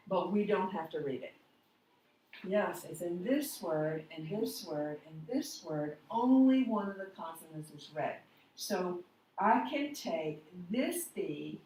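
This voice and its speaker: Slow, deliberate woman teaching phonics. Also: medium pitch, darkish tone. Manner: slow, deliberate, spells out letters one by one. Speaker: reading teacher. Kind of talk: phonics lesson at a board. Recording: echoey room, voice from a distance, faint noise.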